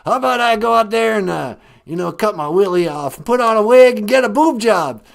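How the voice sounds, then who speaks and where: A brash, folksy ex-president calling into a show, as a man puts him on for a comic skit. He leans on a thick, exaggerated drawl and a boastful swagger, pitched up above a plain speaking voice, with a lively voice that swoops up and down. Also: brisk, vocal fry. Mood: scheming. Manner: exaggerated folksy drawl, boastful, calls people 'man' and 'son'. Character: brash male former president, folksy redneck caller.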